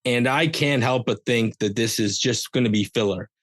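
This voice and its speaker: A man's voice: mid-range voice, moderate pace, no echo. Dry-sounding joking podcast man. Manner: jokey, rambling, with playful asides. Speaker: podcast host. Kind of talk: casual wrestling recap.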